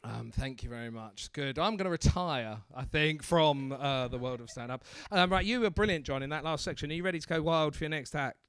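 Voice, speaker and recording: A man working as the MC at a stand-up comedy night, bantering loudly with the crowd and mocking himself. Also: on the high side, brisk, few pauses, smooth. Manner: loud, swearing, self-mocking banter. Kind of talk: crowd work between acts. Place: comedy club.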